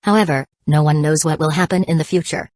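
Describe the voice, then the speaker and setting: A woman reading the part of a calm, level-headed young man in an audiobook, in her own low voice with no character voice. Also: quick pace, no room sound, natural voice. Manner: calm, even delivery.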